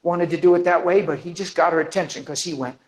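A man preaching a sermon, telling a story with lively energy and acting out the people in it. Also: on the high side, quick pace, low-quality recording. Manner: animated, acts out the people in his stories.

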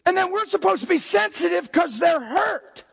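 An older man delivers a sermon from the pulpit. His voice sits strikingly high and carries a gravelly rasp, and he keeps jumping from calm explaining to fiery shouted lines. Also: moderate pace. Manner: preaching with sudden shouted outbursts. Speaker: pastor.

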